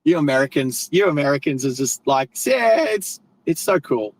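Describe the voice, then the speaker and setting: Behind the wheel, an Australian guy live streams in a rambling, chatty way, full of friendly slang and mid-sentence self-corrections. He talks fairly quickly in a mid-range voice over poor-quality audio.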